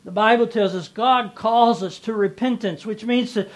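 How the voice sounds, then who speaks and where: A man's voice: high-pitched, moderate pace. A man preaching a sermon as pastor, repeating phrases and swelling and dropping in volume.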